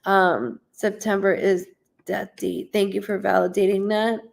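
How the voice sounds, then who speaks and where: A woman's voice: medium pitch, little pitch movement, a little slow, gravelly. A woman in her thirties giving a live psychic reading, chatty and rambling as she relays messages. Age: 30s. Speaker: psychic medium.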